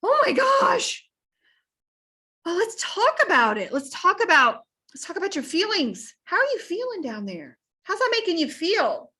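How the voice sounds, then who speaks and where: Woman as a fussy counselor, squeaky high gushing voice, exclaiming. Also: huge pitch swings, a little slow, pushed and bright, heavily acted. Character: gushing overly concerned male counselor.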